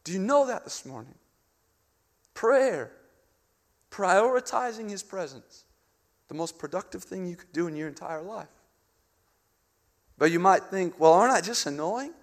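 A young man preaching with a high voice that rings out through a large hall with a long reverb. He swings between loud, urgent calls and hushed, intimate passages. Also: lively intonation, unhurried, pauses often. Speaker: pastor. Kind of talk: sermon.

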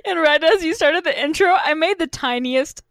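A woman's voice: high-pitched, moderate pace, a bit bright, dry recording. A woman co-hosting a podcast, chatting casually and laughing often. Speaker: podcast co-host.

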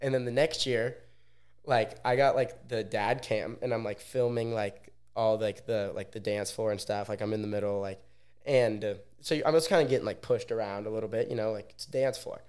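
A man's voice: on the low side, steady tone, normal speed, a little mellow, clear, resonant tone. A young man from Oregon, a podcast guest telling casual stories in a laid-back way, filling his speech with "like". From Oregon, USA. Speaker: podcast guest, pro athlete. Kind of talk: casual storytelling.

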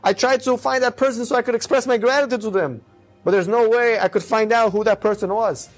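A man voicing an anxious, grateful wife in a spoken story, lifting his voice high for her. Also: a little fast, faint music behind. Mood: earnest.

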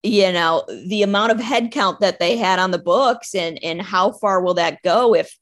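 A woman's voice: mid-range voice, normal speed. A woman who runs a recruiting business speaks as a podcast guest. She talks candidly and chattily, often stumbling at the start of her sentences. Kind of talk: casual interview chat.

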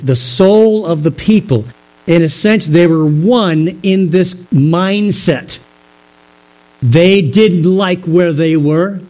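A pastor with a fairly high, mellow voice teaches from scripture during a sermon. He explains things in a measured way and poses rhetorical questions to his listeners, though the audio quality is poor.

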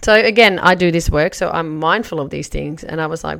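A woman in her forties, a life coach, teaching through a personal story in a chatty, animated way. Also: sits low, a little fast, vocal fry, few pauses. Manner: chatty, animated, acts out her own past remarks.

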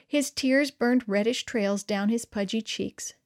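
A woman narrating a first-person children's story with an expressive, wry delivery. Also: on the high side, measured pace.

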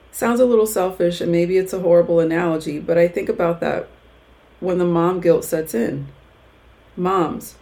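A woman in her thirties hosting a mom podcast, her voice sitting on the lower side. She reads her own heartfelt writing and then talks it through casually, encouraging and emotional. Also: warm tone, poor audio. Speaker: podcast host. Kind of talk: reading her blog post aloud, then casual chat.

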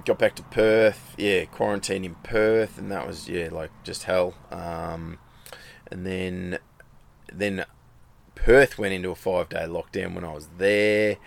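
A man's voice: sits low, fairly even intonation, a little slow, creaky. A middle-aged Australian man with an Australian accent, a rally racer telling a rambling story in casual chat and acting out the dialogue. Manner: rambling, acts out quoted dialogue.

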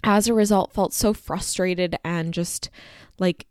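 A woman's voice: on the low side, steady tone, slow pace, a little mellow, clear, resonant tone, no room sound, clean studio sound. A young adult woman hosting her own podcast, talking candidly in a casual monologue, full of "like" and free with swearing. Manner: candid and chatty, heavy use of "like"; swears freely. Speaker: podcast host.

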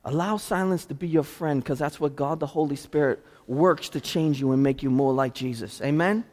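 A man preaching a sermon as a pastor, animated, shifting between quiet reflection and loud emphasis. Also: fairly high pitch, normal speed. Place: church sanctuary. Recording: long hall reverb in a church.

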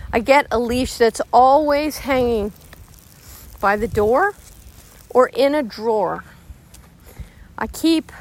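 Slow-spoken calm woman dog trainer. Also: on the high side. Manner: calm, measured, reassuring. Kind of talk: instructional storytelling.

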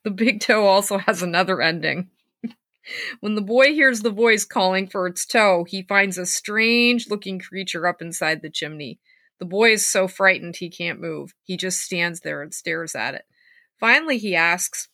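A woman hosting a podcast, reading scary stories aloud and chatting about them, with lively acted-out quotes. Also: medium pitch, normal speed, dry recording, clean studio sound. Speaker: podcast host and storyteller.

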